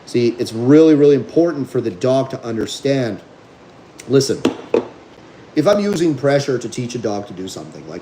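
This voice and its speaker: A man's voice: mid-range voice, big pitch swings, a little fast, dark tone, a little hiss or hum, low-quality recording. A man hosting a livestream as a dog trainer, talking bluntly and combatively while reading viewer comments.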